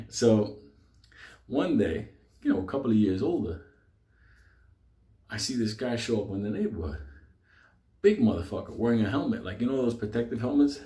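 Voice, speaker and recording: A man telling a neighborhood story casually, profane and animated, laughing often. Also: mid-range voice, a little slow, long pauses, reverberant.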